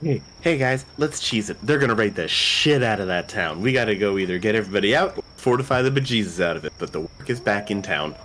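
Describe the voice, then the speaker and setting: A man's voice: lowish voice, lively intonation, fast, hardly any pauses, a bit bright, slight background noise. A man playing a tabletop role-playing game, talking loosely and joking, with fillers as he thinks aloud. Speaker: player. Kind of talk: casual tabletop game chat and in-character talk.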